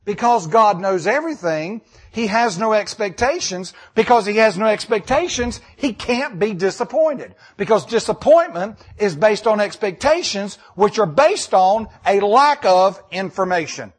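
A man preaching a sermon, reading scripture and repeating key lines emphatically with dramatic pauses. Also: high voice, animated, breathy edge. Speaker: pastor.

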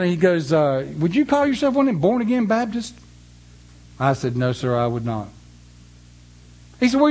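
High-voiced man preaching. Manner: slow emphatic reading of scripture, then folksy storytelling. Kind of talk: sermon.

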